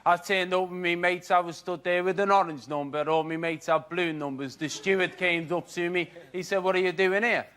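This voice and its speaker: A man from Liverpool with a Liverpool accent, telling a long stand-up anecdote on stage in a dry, deadpan way. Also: high-pitched, fairly quick, hardly any pauses, smooth. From Liverpool, England. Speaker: stand-up comedian. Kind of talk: stand-up storytelling. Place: TV studio stage with audience.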